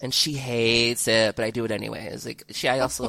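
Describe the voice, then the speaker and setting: A woman's voice: a bass voice, fairly even intonation, fast, fairly bright tone, no echo. A woman hosting a casual podcast chat, rambling and laughing at herself. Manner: laughing, rambling, self-deprecating. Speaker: podcast host.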